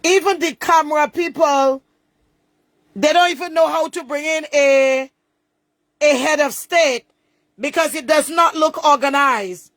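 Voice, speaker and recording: A woman comments on a video, stirred up and indignant, circling back to the same complaints. Her voice sits high and unhurried, and the close, dry recording puts her right in the listener's ear. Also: a bit bright, no echo. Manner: indignant, repeats herself for emphasis. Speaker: online commentator.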